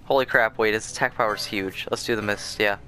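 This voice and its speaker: A man's voice: fairly low pitch, fairly even intonation, fast, pushed and bright. A young man hosting a let's play, giving casual, rambling commentary with lots of fillers and restarts as he plays. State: sleepy, yawning. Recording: faint game music behind.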